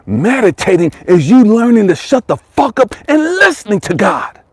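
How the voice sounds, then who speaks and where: Husky, fired-up motivational man. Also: sits high, big pitch swings, moderate pace, no echo. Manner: profane, emphatic, repeats phrases, swings from loud to hushed. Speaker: life coach and motivational speaker. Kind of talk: impassioned motivational monologue.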